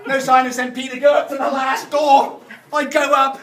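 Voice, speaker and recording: A middle-aged man from England giving a humorous speech at a function, animated and shouting punchlines. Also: very high voice, moderate pace. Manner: animated storyteller, shouting punchlines amid laughter. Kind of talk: humorous after-dinner speech. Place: function hall with audience. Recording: echoey hall, distant mic, noisy.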